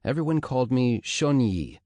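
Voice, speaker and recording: A man narrating a first-person memoir audiobook in a measured, scripted storytelling manner. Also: medium pitch, sing-song, warm tone, no room sound.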